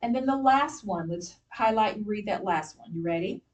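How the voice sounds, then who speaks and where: A woman's voice: mid-range voice, animated, moderate pace, a little mellow, distant mic, muffled recording. A woman teacher giving a spelling lesson to young pupils, patient and directive, walking them step by step through each instruction. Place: classroom.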